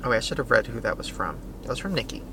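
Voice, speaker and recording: A man's voice: medium pitch, very animated, very fast, bright, forceful tone, a little hiss or hum. A man co-hosting a casual podcast chat, talking in a dramatic, joking way. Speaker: guest co-host.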